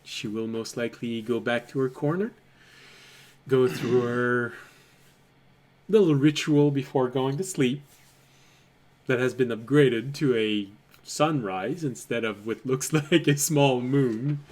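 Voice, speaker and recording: A man narrating as game master of a tabletop game, relaxed and laughing often. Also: medium pitch, slow.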